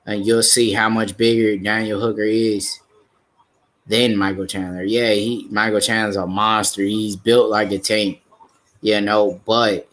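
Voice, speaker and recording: Slow, flat-voiced man breaking down a fight. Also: fairly low pitch. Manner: hesitant, many fillers and restarts. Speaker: fight commentator. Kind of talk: casual live fight preview.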